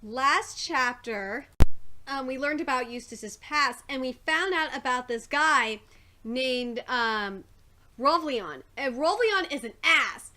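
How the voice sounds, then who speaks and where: A woman streaming a live reaction to a comic, excitable and profane, often breaking into shrieks. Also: sits high, takes it slowly.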